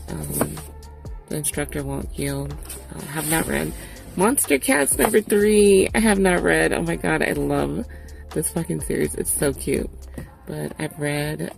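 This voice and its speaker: A woman vlogger in casual chat, relaxed and swearing freely. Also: low voice, vocal fry. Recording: music playing behind her voice.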